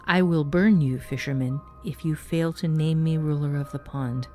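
A woman's voice: low-pitched, steady tone, normal speed, mellow, faint music behind, close to an everyday voice. A woman voicing a tiny, imperious female water sylph who makes commanding threats, in a story reading. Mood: threatening.

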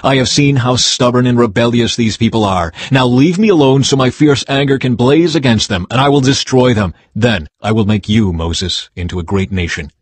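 A stern, wrathful god speaks in a level, husky voice, as a man reads his lines. The delivery stays close and dry, more read than acted. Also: mid-range voice, moderate pace, few pauses, no room sound, lightly acted. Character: the Lord, stern and angry male deity.

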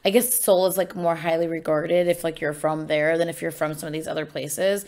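A woman's voice: deep voice, fairly even intonation, brisk, darkish tone. A woman doing casual, enthusiastic reaction commentary on music for her channel. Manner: chatty and enthusiastic.

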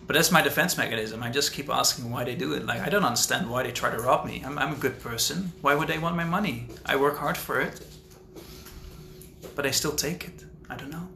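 Talkative man host, casual livestream chat, bright voice, roomy echo with faint ambience. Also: medium pitch, a little fast, a little hiss or hum. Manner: rambling, talkative, thinks out loud. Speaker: author hosting a live Q&A.

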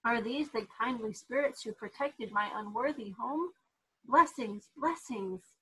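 A woman's voice: a little high, unhurried, fairly bright tone, husky, full character voice, poor audio. A woman voicing a timid, humble carpenter who speaks fearfully and gratefully.

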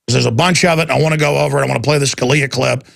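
A man's voice: medium pitch, fairly even intonation, racing, gravelly, a bit bright. A man hosting a talk radio show, delivering a heated, impassioned monologue and mocking his opponents' voices.

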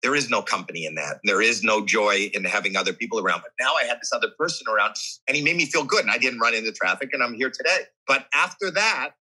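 Podcast guest, male, very bright and husky timbre, animated and earnest storyteller. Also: medium pitch, fast, few pauses, poor audio. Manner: animated, acts out his own and others' voices; candid and earnest. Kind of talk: emotional personal storytelling in an interview.

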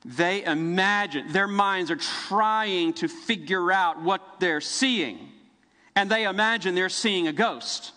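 A middle-aged man preaching a sermon, telling the story vividly with dramatic pauses. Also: sits high, bright, forceful tone, long reverb tail. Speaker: pastor. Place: church sanctuary.

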